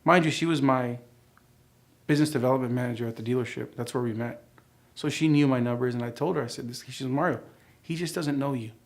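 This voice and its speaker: A middle-aged man with a gravelly, creaky voice at an ordinary pitch tells his personal testimony. He animates the story by acting out the back-and-forth of the people in it. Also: quick pace. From United States. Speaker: church member sharing his testimony.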